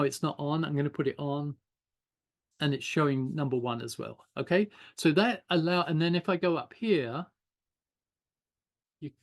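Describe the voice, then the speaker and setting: Older man, animation teacher, informal online lesson, loose and chatty, a touch high. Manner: relaxed, chatty, thinking aloud while drawing. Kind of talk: informal online class demo.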